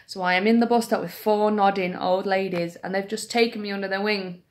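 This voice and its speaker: A woman's voice: medium pitch, steady tone, fairly quick. Young woman vlogging, chatty, self-deprecating, recorded close on a camera. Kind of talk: casual storytelling to camera.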